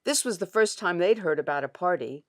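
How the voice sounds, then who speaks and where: A woman's voice: fairly low pitch, no echo. A woman author reading her children's story aloud expressively in a studio. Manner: expressive, unhurried.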